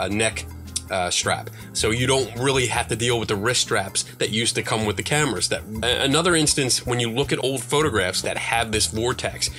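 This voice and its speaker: A man's voice: lowish voice, pushed and bright. A man who is a guest photography expert, patiently explaining camera effects in an interview with an amused, demonstrating manner.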